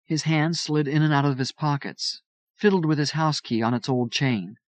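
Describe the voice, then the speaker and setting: A man narrating an audiobook in a steady first-person storytelling voice. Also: fairly high pitch, normal speed, no echo. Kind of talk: audiobook reading.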